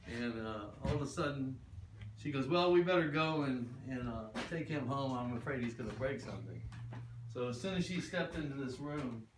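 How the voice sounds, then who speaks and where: A man's voice: mid-range voice, normal speed. An older man guiding a tour through an old wooden building, telling stories in a chatty way and acting out the voices of the people in them. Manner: chatty, acts out quoted voices. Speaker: ghost town guide. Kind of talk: storytelling tour talk. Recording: roomy, distant, noisy camera audio.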